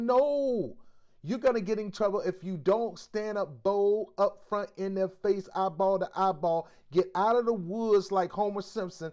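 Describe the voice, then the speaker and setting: A male host giving preachy commentary in a forceful, exhorting way, with blunt street slang. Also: high-pitched, a little slow.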